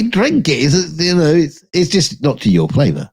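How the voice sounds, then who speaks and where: A man's voice: on the high side, huge pitch swings, moderate pace, breathy edge, no echo, clean studio sound. A man co-hosting a casual chat show, teasing his co-host with mock-serious banter and laughing at his own jokes. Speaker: podcast co-host.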